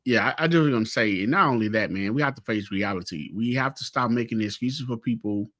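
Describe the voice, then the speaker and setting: A man co-hosting a live sports stream, speaking in an earnest, measured way. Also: medium pitch, a bit bright.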